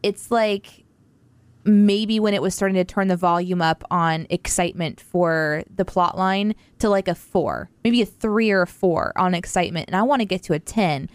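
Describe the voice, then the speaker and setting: Low-voiced woman, dry close sound. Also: moderate pace, clear, resonant tone, no room sound. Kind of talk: casual movie review chat.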